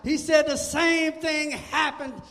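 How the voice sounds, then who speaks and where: A male preacher delivers a fervent sermon in a very high voice and breaks into shouts to drive points home. His voice rings through a church sanctuary with a long, hanging reverb. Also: steady tone, slow pace, gravelly.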